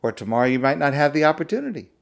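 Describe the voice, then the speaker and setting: A man's voice: a little high, sing-song, very fast, vocal fry. A man, a rabbi, giving a weekly Torah talk, stressing key words by repeating them.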